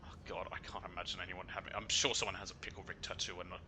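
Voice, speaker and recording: A man's voice: low-pitched, flat delivery, rapid-fire, sharp tone, slight background noise. A young man giving rambling, chatty commentary while streaming a game, with lots of fillers and restarts. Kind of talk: casual gameplay commentary.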